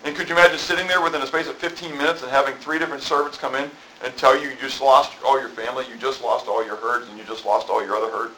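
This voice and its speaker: A man's voice: medium pitch, steady tone, fast, few pauses, sharp tone, a little hiss or hum, poor audio. A middle-aged man preaching a sermon in a conversational, rambling way, full of asides. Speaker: pastor. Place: church.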